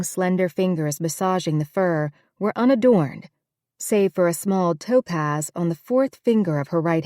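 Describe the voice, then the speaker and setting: Lowish woman narrating an audiobook. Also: no echo, clean studio sound. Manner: steady, even reading. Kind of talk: scripted narration.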